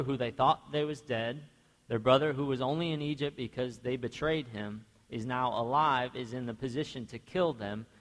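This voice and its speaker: Young guy pastor preaching, chatty, keeps asking the church questions, voice rings out in a big echoey sanctuary. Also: mid-range voice. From grew up in a half-Mexican household. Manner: conversational, asks the congregation questions; animated storytelling, acts out quoted voices. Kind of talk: sermon. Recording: long church reverb.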